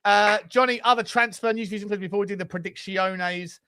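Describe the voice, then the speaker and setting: A man co-hosts a relaxed football chat show. He sounds high and bright, laughs often and keeps up a friendly patter of viewer shout-outs, recorded close and dry. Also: brisk, smooth, no room sound. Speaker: co-host. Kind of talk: casual football podcast chat.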